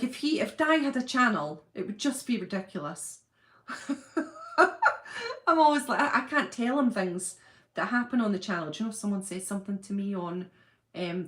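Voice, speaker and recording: Giggly, chatty woman host. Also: medium pitch. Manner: chatty, giggly, talks to viewers by name. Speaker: channel host. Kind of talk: casual livestream chat reading viewer comments.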